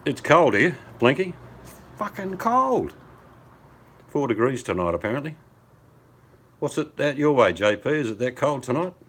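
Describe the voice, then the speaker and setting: A man's voice: mid-range voice, very animated, a little slow, long pauses, a bit bright, husky, pitched above the performer's own voice, heavily acted. A man putting on a chatty, rambling impression of a tipsy male mate with a posh lilt. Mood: jokey. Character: jovial tipsy middle-aged male mate, putting on airs.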